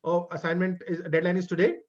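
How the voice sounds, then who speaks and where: A man's voice: high-pitched, level tone, fast. A male instructor wrapping up an online web development class, often repeating and restarting words in a friendly, encouraging way. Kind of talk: online class lecture wrap-up. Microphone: computer mic on a video call. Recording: dull lo-fi call audio.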